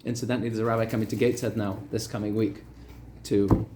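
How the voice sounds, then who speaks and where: A man, a rabbi, telling a story in a lively Torah lesson, repeating words for emphasis. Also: lowish voice, quick pace, a little hiss or hum. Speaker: rabbi teaching a weekly class.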